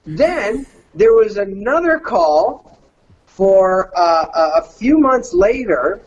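Animated Canadian man, high voice. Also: takes it slowly, muffled recording. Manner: animated, drops into surfer-dude voices. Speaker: voice actor telling a story. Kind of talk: casual storytelling.

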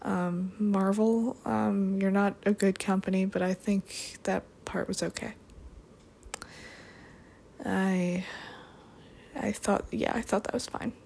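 A young woman rambles through casual podcast chat, drifting from one tangent to the next. Her delivery is playful and full of dry, sarcastic asides. Her pitch sits in an ordinary middle range for a woman. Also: steady tone, takes it slowly, creaky, pauses often, a little mellow, slight background noise.

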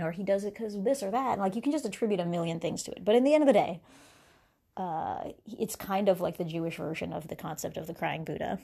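A woman's voice: fairly low pitch, lively intonation, fast talker, vocal fry, dark tone, breathy edge. A woman hosting a podcast, musing aloud about spirituality in a rambling, casual way, often laughing between thoughts and restarting her sentences. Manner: rambling, wandering with many restarts and fillers. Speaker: podcast host.

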